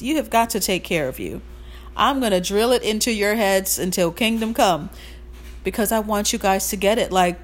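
A woman hosts a motivational podcast in an animated voice that swoops up and down. She talks in a casual, sassy way, leaning hard on her points and repeating them for emphasis. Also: on the high side. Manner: emphatic, preachy, repeats her points and calls listeners "queens"; casual and sassy, with slang and mild swearing. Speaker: podcast host.

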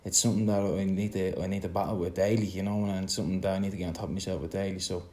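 An Irish man speaking reflectively in a conversation, halting and repeating words as he searches for them. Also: low-pitched, level tone, darkish tone. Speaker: son in a conversation.

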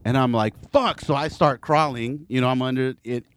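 A man casually telling a story to friends on a podcast, animated and profane, acting out what people said. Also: mid-range voice, fairly quick, clear, resonant tone. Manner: animated, profane, acts out quoted voices. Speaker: podcast co-host.

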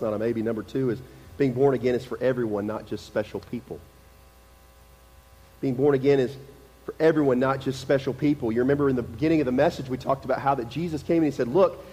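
A man's voice: mid-range voice, mellow, big-room sound, low-quality recording. A male pastor preaching a sermon in a conversational, emphatic way, repeating his key phrases. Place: church sanctuary.

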